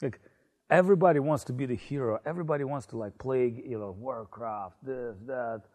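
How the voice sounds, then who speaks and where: A man telling a story in a casual conversation, animated and full of fillers. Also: medium pitch, a little fast. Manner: animated, many fillers and restarts, laughs. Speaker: spiritual speaker.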